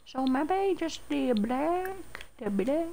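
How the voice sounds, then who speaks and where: A woman streaming a life-sim game live, cooing over her pet one moment and shouting in mock rage the next, with plenty of swearing. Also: high voice, lively intonation, slow, gravelly. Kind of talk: live gameplay commentary.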